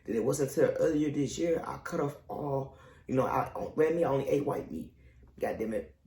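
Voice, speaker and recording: Gravelly young man, echoey room. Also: brisk, mellow. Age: 20s. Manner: candid and profane, acts out quotes with sudden jumps in pitch. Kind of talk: casual storytelling.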